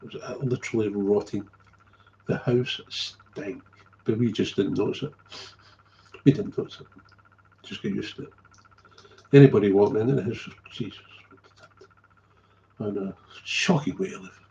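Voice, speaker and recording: A man's voice: lowish voice, steady tone, moderate pace, creaky, long pauses, mellow, highs cut off, a little hiss or hum. A middle-aged man, telling a candid story as a recovery sponsor, blunt and swearing freely, often trailing off and repeating himself.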